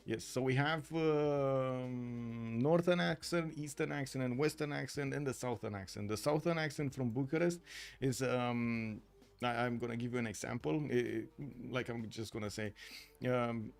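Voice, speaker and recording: A man's voice: mid-range voice, moderate pace, creaky. A man from Romania with a Romanian accent, casting a strategy game tournament live, answering chat with rambling talk, fillers and restarts. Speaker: esports caster.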